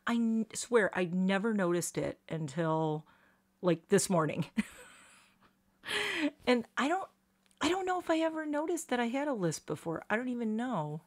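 A woman's voice: on the high side, very animated, normal speed, long pauses, darkish tone. A middle-aged woman with a slight lisp, chatting casually and rambling through a live makeup stream, self-deprecating and full of fillers. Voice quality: slight lisp on her S sounds. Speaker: beauty vlogger doing a live stream.

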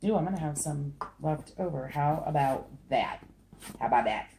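A woman's voice: low voice, expressive, normal speed, gravelly, mellow, a little hiss or hum. A woman chatting casually and self-deprecatingly to the camera while she pours paint, giggling often. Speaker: acrylic pour artist. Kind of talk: casual craft vlog chat. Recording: echoey room.

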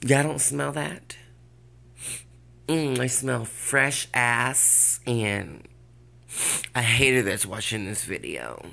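A woman's voice: rumbling low, expressive, slow pace, gravelly, pauses often, bright, forceful tone. A woman hosting a casual vlog while lying in bed, talking in a brash, profane, sassy way. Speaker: vlog host.

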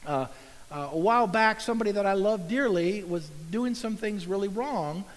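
A pastor preaching a sermon, earnest and conversational, acting out little asides and inner dialogue. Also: male voice, high-pitched, normal speed, long reverb tail, low-quality recording.

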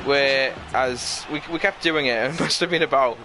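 A man's voice: mid-range voice, normal speed, music in the background. A young man in his twenties hosting his channel, telling a long story in a rambling, chatty way, laughing as he goes. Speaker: channel host. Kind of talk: casual storytelling to camera. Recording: steady background noise.

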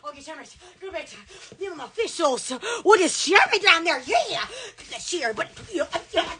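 A woman's voice: very high-pitched, sing-song, normal speed, a crowd in the background. A woman with a Southern US accent hosting a silly phone livestream, giddy and laughing, full of squeals and exclamations. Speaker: livestream host. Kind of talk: silly livestream chat with face filters. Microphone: phone held close.

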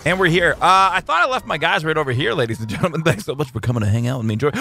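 A man giving excitable, jokey let's-play commentary as a gaming video host, talking to his tamed creatures. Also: a little high, very fast, creaky, hardly any pauses. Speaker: gaming YouTuber.

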